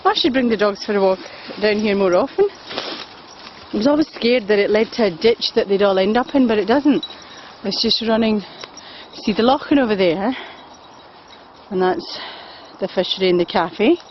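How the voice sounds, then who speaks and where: A woman filming on her phone while walking a pack of dogs outdoors, chatting and calling to the dogs in a high sing-song voice. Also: normal speed, lo-fi sound, a little hiss or hum. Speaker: dog daycare walker filming a walk. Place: outdoors in woods and fields by a loch. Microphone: phone camera held while walking.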